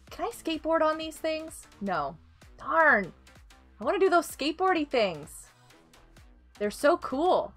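A woman hosting a casual gameplay live stream, excitable and giggly as she reacts to the game and greets viewers by name. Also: sits high, unhurried, pauses often, soft background music.

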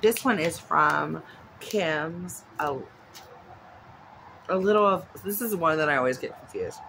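A woman's voice: sits low, measured pace, gravelly, fairly bright tone, slight background noise, poor audio. A woman vlogging at home in a casual, chatty way, rambling off into asides. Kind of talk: casual chat. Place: at home with her dog nearby.

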